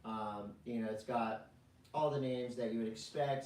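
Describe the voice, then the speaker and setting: A man co-hosting a podcast in casual chat, rambling with jokey deadpan asides. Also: mid-range voice, normal speed, reverberant, recorded from a distance, poor audio. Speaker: podcast co-host.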